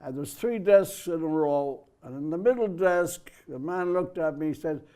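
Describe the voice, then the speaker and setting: A man's voice: fairly high pitch, moderate pace, mellow. An older man, an interview guest, telling a personal story in a plain, conversational way.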